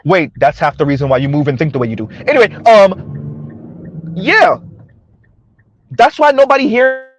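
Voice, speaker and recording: High-voiced and speaking at a normal speed, this vlog host leaves long pauses, and the highs in the audio are cut off. His casual commentary is mocking and aimed right at his viewers, full of laughter and constant "right?"s.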